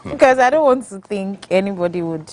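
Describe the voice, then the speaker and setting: A woman's voice: medium pitch, lively intonation, a little fast, a little hiss or hum. A woman cooking on a TV show, answering in short, easygoing replies. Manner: easygoing, brief replies, giggly. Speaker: guest chef. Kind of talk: casual cooking demo chat. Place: TV studio kitchen set.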